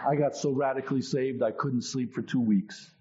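A man telling his own testimony in a sermon, in a conversational, animated storytelling way. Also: medium pitch, normal speed, dull audio, very noisy. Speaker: preacher.

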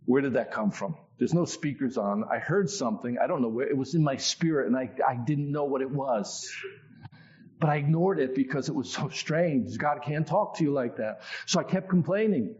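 A man telling his own testimony in a sermon, in a conversational, animated storytelling way. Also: medium pitch, moderate pace, muffled recording. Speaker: preacher.

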